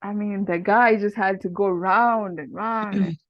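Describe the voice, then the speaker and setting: A woman's voice: medium pitch, fairly even intonation, measured pace, no echo. A woman leading a casual study group, walking through her translation step by step with restarts and fillers. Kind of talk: casual online lesson. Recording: dull dry lo-fi sound.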